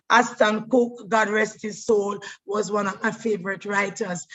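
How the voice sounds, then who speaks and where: A middle-aged actress, telling her life story in an animated way, often repeating words as she goes. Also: medium pitch, highs cut off. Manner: animated, repeats words, breaks into voices and laughter. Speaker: stage actress. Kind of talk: personal storytelling monologue.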